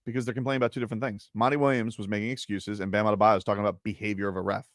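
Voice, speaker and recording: Fast-talking teasing radio host man. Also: fairly low pitch, level tone, dry recording, studio quality. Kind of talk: casual studio banter.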